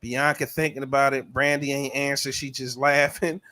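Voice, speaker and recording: Crude, animated podcast host, a man. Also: medium pitch, moderate pace. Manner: crude, animated, reads out listener comments. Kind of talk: casual chat.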